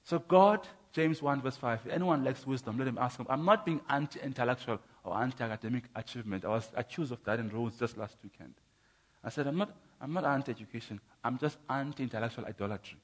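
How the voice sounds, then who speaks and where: A man's voice: medium pitch, fairly quick. A man preaching his testimony in a church, emphatic, with rhythmic contrasts and stammering repeats. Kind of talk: sermon.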